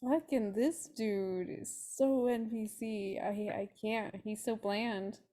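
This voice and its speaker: A woman's voice: medium pitch, slow, dark tone. A woman playing a tabletop game over a video call who talks bluntly and swears freely. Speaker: player. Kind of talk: casual tabletop play.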